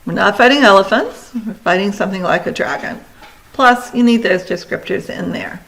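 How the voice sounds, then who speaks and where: Brisk woman teacher giving instructions. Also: mid-range voice, gravelly, fairly bright tone, low-quality recording. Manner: brisk, directive instructions to students. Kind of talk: recorded classroom lesson.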